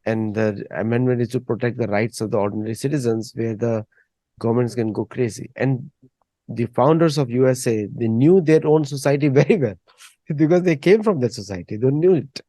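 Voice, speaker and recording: A man's voice: mid-range voice, brisk, mellow, no echo. A man hosting a casual discussion, rambling and repeating words as he thinks. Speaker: host.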